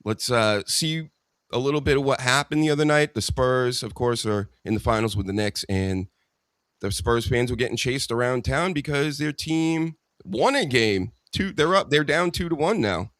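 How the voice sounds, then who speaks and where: Boston host, blunt joking rants, dry close sound. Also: male voice, medium pitch, expressive, moderate pace, fairly bright tone, dry recording. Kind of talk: casual live show chat.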